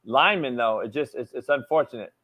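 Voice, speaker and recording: A male host leads a sports talk show, pausing on plenty of fillers. His voice sits mid-range, and the recording sounds dull and lo-fi. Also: mid-range voice.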